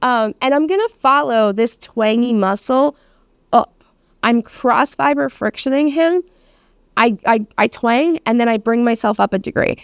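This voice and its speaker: A woman's voice: a little high, a little slow, clean tone, dry recording, clean studio sound. A woman teaching a hands-on massage therapy class, talking casually with lots of fillers and the odd swear word. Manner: casual, chatty, many fillers and laughs, swears.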